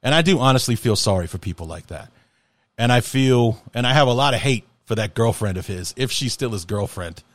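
A man's voice: medium pitch, expressive, a little fast, dry recording. A man hosting a casual solo podcast, talking in an impassioned, rambling and profane way. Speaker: podcast host.

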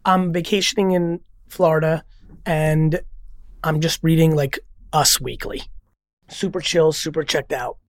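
A man as a podcast guest, telling a personal story in a casual, rambling, animated way with free swearing. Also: on the high side, a little slow, no echo, clean studio sound.

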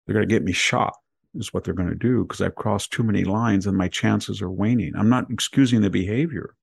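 A man's voice: fairly low pitch, fairly quick, gravelly, breathy edge, no echo. A man hosting a casual news roundup, talking in rambling personal anecdotes. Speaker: podcast host.

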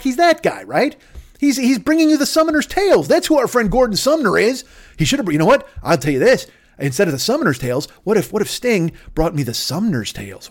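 Animated, profane man riffing comedically. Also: high-pitched. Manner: profane, rambling, animated riffs with silly voices.

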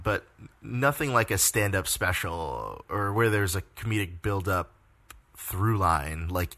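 A man with a very low voice and a bright, forceful tone co-hosts a casual podcast. He is playful and teasing, and he works through his thoughts out loud with frequent pauses. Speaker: podcast co-host.

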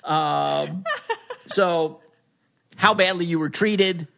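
A man's voice: fairly high pitch, drawn-out words, creaky, fairly bright tone. A man co-hosting a podcast, bantering dryly and poking fun at himself. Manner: dry, self-mocking banter. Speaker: podcast co-host. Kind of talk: casual chat.

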